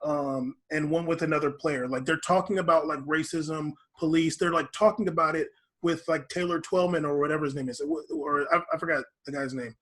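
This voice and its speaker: A man co-hosting a podcast in a loose, rambling way, stopping and restarting his sentences. His voice sits a little high and sounds husky. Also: fairly even intonation, a little fast, fairly bright tone. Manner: rambling, full of fillers and restarts. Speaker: podcast co-host. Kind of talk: casual podcast chat.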